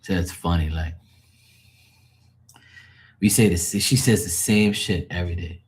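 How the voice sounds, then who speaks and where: Man, fairly low voice, live-stream tarot reader, casual rambling chat, profane, laughs a lot. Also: fairly even intonation, a little slow, long pauses, a little mellow.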